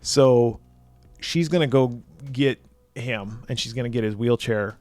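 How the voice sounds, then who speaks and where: A man's voice: medium pitch, darkish tone, no room sound. Profane man recapping a film. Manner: profane, retells scenes with quick quoted voices. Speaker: podcast co-host. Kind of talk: casual film review chat.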